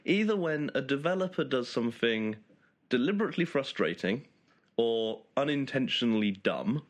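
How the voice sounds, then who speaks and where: A man's voice: mid-range voice, expressive, normal speed. A man hosting a casual group chat, explaining things in a wry, storytelling way.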